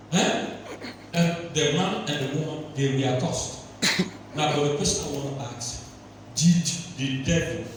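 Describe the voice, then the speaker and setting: A man from Leone, preaching a sermon and firing off rhetorical questions that climb into shouts. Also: mid-range voice, a little hiss or hum. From Sierra Leone. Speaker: pastor. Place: large church hall. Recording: echoey church hall, distant mic.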